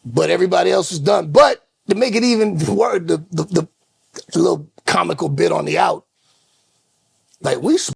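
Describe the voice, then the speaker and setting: A man co-hosting a podcast, telling an animated road story in casual chat and acting out the voices in it. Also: high voice, moderate pace, vocal fry, husky, no room sound. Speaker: co-host.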